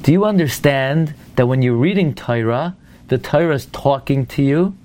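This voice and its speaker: A man's voice: medium pitch, moderate pace, a little mellow. A man giving a Torah lecture who tells stories and speaks emphatically, putting rhetorical questions to his listeners and mixing Hebrew and Yiddish terms into his English. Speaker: rabbi teaching Torah.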